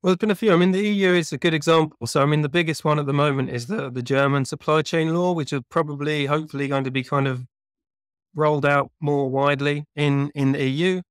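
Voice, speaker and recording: A man's voice: on the high side, steady tone, quick pace, clean tone, no room sound, clean studio sound. A man being interviewed as a researcher, explaining at length in a thoughtful, conversational way with lots of small hedges. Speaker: guest researcher.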